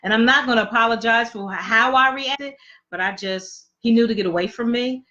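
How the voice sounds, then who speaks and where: A woman's voice: a little high, moderate pace, bright, forceful tone, dull audio. A woman co-hosting a casual podcast chat, talking bluntly and emphatically and swearing freely. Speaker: podcast co-host.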